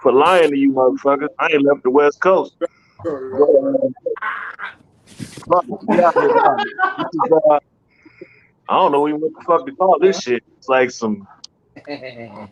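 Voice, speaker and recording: A man's voice: on the high side, wildly swooping pitch, measured pace, pauses often, highs cut off, a little hiss or hum. A man doing a stand-up comedy set from his guest room, rambling loosely and cursing. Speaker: headlining comedian.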